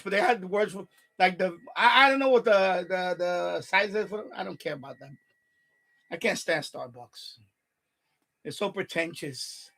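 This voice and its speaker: A breathless man with a New York accent hosts a casual live stream. He rambles into a rant, stumbling over repeated words. His voice sits fairly high for a man. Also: gravelly, sharp tone, rough recording.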